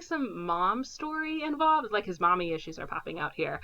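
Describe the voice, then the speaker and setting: A woman co-hosting a podcast, casually retelling a movie plot with lots of fillers and quick impressions of the characters. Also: sits high, highs cut off. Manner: animated retelling with frequent fillers and quoted impressions. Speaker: podcast co-host.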